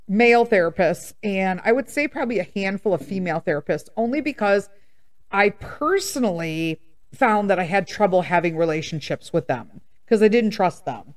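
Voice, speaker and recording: A woman in her fifties hosting a podcast, telling candid stories in a blunt, sassy, animated way. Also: mid-range voice. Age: 50s. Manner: blunt, animated storytelling with laughs and sass. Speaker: podcast host. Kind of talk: candid casual monologue.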